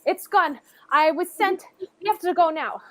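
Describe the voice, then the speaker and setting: A woman voicing a scared, exhausted boy of about eleven who pleads in halting bursts. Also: very high voice, pitched above the performer's own voice. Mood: pleading.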